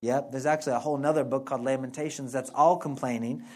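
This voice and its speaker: A male pastor giving a casual, conversational sermon, playful and animated, laughing often and dropping slangy asides. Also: mid-range voice, fast.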